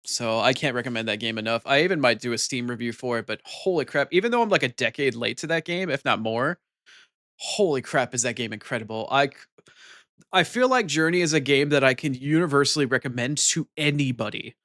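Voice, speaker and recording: A man streaming and chatting casually with his viewers in an excitable way, swearing freely. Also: mid-range voice, brisk, dry recording, studio quality.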